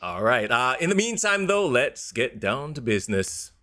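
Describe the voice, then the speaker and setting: A man's voice: mid-range voice, big pitch swings, moderate pace, pushed and bright. A man, co-hosting a casual wrestling podcast in an upbeat, jokey manner over a video call. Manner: upbeat, jokey, plugs the show. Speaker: podcast co-host.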